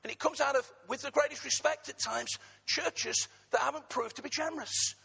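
Middle-aged english pastor preaching, high bright voice, raspy, cracks jokes to the church. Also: male voice, normal speed, in a large hall. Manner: preaching with humorous asides to the congregation. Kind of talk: sermon.

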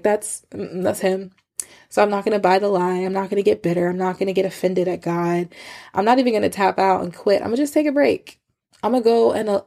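A woman's voice: lowish voice, creaky, dark tone, husky. A woman in her thirties hosting a podcast, giving earnest, conversational faith encouragement with casual fillers. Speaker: podcast host.

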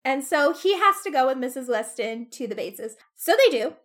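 Young woman with a high voice, animated podcast recap, slips into silly character voices. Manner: animated, acts out characters in quick voices, laughs often. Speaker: podcast co-host. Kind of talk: casual book recap chat.

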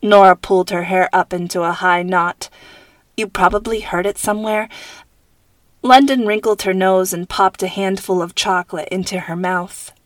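A woman hosting and narrating her own fiction, calm and measured. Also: lowish voice, dry recording, clean studio sound. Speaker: podcast host and author. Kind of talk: scripted storybook narration.

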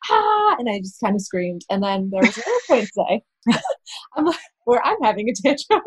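A woman's voice: medium pitch, lively intonation, brisk, slightly rough, no echo. A woman in her thirties tells candid stories in a casual chat over a video call. She laughs often between her words. The sound is dry and close.

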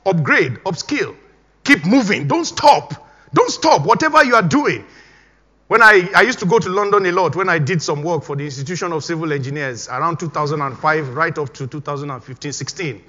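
A man's voice: on the high side, expressive, a little fast, pushed and bright. A middle-aged man from Nigeria, preaching a sermon as pastor, emphatic and repeating his exhortations. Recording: dull recording with long hall reverb.

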